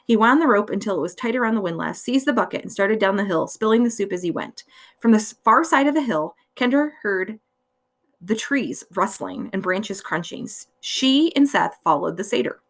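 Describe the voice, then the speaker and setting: Woman reader, expressive read-aloud storyteller, mid-pitched. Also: normal speed. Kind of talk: reading a novel aloud.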